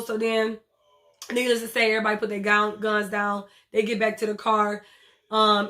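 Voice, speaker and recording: A woman recaps a TV episode in a loose, blunt way, swearing freely and acting out the lines. Her voice sits a little high. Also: a little fast. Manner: blunt, profane, animated retelling with acted quotes. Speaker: TV show reviewer. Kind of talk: casual recap and commentary.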